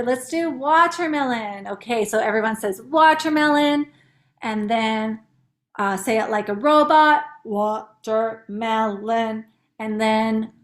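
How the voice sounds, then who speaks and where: A woman's voice: a little high, fairly bright tone. A woman teacher chatting casually and upbeat, explaining how she teaches young kids to count syllables. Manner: chatty, upbeat, demonstrates words slowly in syllables.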